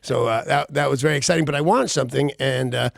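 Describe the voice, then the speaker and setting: A man's voice: medium pitch, fast, gravelly, dry recording. A man hosting a radio morning show, chatting casually in a rambling, self-mocking way full of restarts, on a studio microphone. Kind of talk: casual on-air banter.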